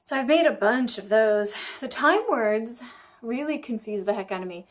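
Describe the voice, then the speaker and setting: A woman's voice: on the high side, lively intonation, moderate pace. A woman vlogging about her study habits, chatty and self-deprecating, thinking aloud as she goes. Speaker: vlogger learning Chinese. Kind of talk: casual vlog talk to camera.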